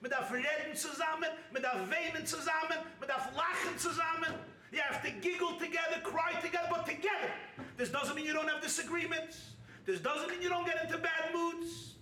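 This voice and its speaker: A man giving a sermon as a rabbi at a weekend retreat, animated and humorous, driving his points home with shouted emphasis. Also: very high-pitched, brisk, few pauses. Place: hall at a retreat. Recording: roomy hall from a distant mic with faint noise.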